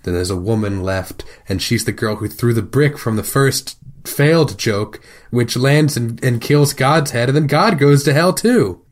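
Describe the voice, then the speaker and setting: A man's voice: medium pitch, measured pace. A young man co-hosting a podcast, narrating a TV episode's plot in casual chat with wry jokes. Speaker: podcast co-host.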